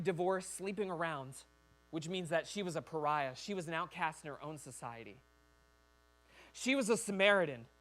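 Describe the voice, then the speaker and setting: A man's voice: high-pitched, fairly bright tone. A man preaching a sermon as a pastor in a church, talking conversationally and acting out quoted voices.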